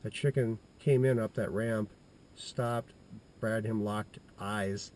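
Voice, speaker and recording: A middle-aged man telling a childhood anecdote in a halting, rambling way, full of restarts and fillers. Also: on the low side, fairly even intonation, a little mellow, a little hiss or hum. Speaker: storyteller.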